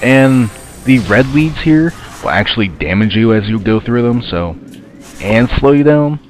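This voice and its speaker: A man's voice: medium pitch, animated, measured pace, faint music behind. A man with a stuffy, sinus-congested voice, casually commenting while playing a video game, rambling and grumbling at the game. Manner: rambling, muttering asides to the game. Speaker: let's play commentator.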